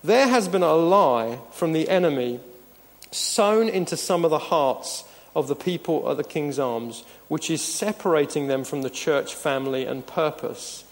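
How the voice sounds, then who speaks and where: Male pastor, emphatic sermon delivery, lively pitch, long church-hall reverb. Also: unhurried. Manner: earnest, emphatic preaching with chuckles.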